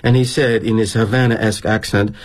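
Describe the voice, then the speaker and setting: A middle-aged actor playing a weary, guilt-ridden corporate executive in a dramatic monologue, wry and confiding. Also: male voice, on the low side, steady tone, a little fast, lightly acted.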